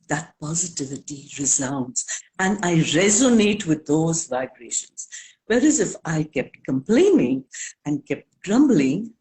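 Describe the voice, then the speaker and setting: An older woman with a low, unhurried voice talks as an interview guest. She speaks deliberately and leans on words for emphasis, taking her time over each thought. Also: a little mellow. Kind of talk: live interview talk.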